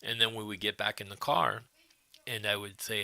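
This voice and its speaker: A middle-aged man chatting loosely with his livestream viewers from home, his low voice gravelly and edged with a sharp, forceful bite. He drifts from story to story and stops to answer the chat. The sound is close and dry. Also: fairly even intonation, normal speed, no room sound. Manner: rambling, answers chat comments as he goes. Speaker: livestream host.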